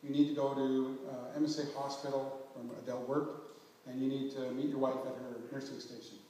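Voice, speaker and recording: A middle-aged man telling a small group about his son's death as a bereaved father, halting and earnest, often breaking off mid-sentence. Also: mid-range voice, little pitch movement, dark tone. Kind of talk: personal storytelling to a small group. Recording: very echoey room, voice from far off, faint hiss.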